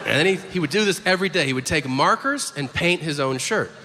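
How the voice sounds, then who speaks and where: A man's voice: on the high side, fast talker. A man performing a stand-up comedy set, telling profane stories and acting out the people in them. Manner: animated storytelling, acts out voices, profane. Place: comedy venue stage. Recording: live club mic, hall reverb, audience noise.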